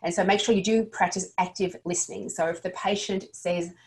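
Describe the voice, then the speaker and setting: A woman's voice: mid-range voice, steady tone, a little fast. A woman with a mid-range voice gives staff a practical lesson on handling upset patients. She talks earnestly and plainly, often catching herself and restarting a phrase. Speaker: dental practice trainer. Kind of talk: instructional talk to dental staff.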